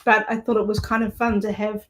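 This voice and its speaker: A woman's voice: medium pitch, level tone, fairly quick. A woman with a New Zealand accent hosting a craft livestream, chatting casually with viewers and laughing easily. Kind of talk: casual live chat while crafting.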